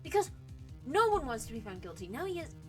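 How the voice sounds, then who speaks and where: A woman's voice: sits high, sing-song, a little fast, darkish tone. A woman streamer giving casual let's-play commentary, emotional and thinking aloud, swearing now and then. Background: game music.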